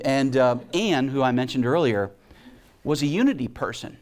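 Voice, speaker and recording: A man's voice: medium pitch, moderate pace, a crowd in the background. A man giving a heartfelt storytelling talk to a spiritual community, acting out the voices of people in his stories. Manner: animated storyteller, acts out voices. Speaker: guest speaker and musician.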